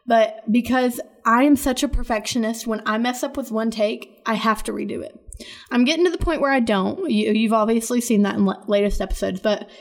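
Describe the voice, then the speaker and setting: Lady podcast host, kinda high voice, rambly and earnest, cheering folks on. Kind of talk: casual podcast monologue.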